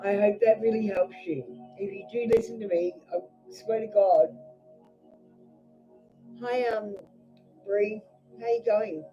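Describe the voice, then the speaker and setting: This is a live-streamed card reading by an Australian tarot reader who doesn't mince words and swears a lot. She speaks in a mellow, mid-range voice, and the stream's sound is dull and lo-fi.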